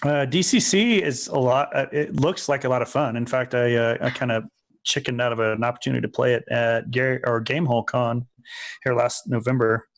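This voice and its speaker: A man's voice: medium pitch, steady tone, a little fast. Rambling man in casual gaming chat. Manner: rambling, restarts often. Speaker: podcast co-host.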